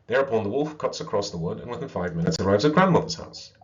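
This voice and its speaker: A man's voice: fairly low pitch, lively intonation, quick pace, highs cut off, a little hiss or hum. Man reading a fairy tale aloud. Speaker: storyteller. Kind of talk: storybook read-aloud.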